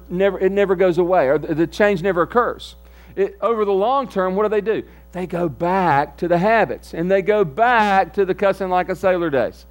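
A man as pastor giving a conversational sermon, often asking the congregation questions. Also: sits high. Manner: conversational, asks the audience questions.

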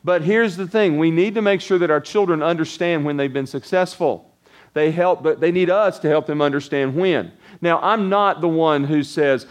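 A man's voice: fairly high pitch, normal speed. Middle-aged male pastor, casual sermon delivery, rambling with restarts and frequent asides to the congregation. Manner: conversational, rambling with restarts and tag questions.

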